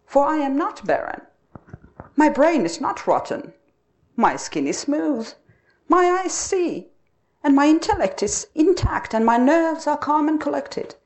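A woman's voice: sits high, sing-song, a little slow, darkish tone, pitched above the performer's own voice, heavily acted. A woman reading the lines of a bold, defiant young wife, impassioned and mocking. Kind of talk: storybook reading.

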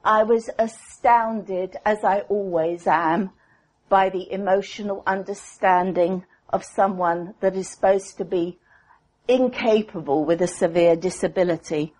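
A woman psychotherapist reading a prepared clinical paper aloud in a measured, deliberate way. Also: medium pitch, darkish tone.

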